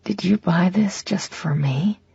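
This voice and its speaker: A woman's voice: medium pitch, sing-song, slow pace, vocal fry, husky, dry recording, highs cut off, exaggerated voice. Woman whispering as a teasing young male lover. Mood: murmuring. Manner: murmured, hushed, teasing.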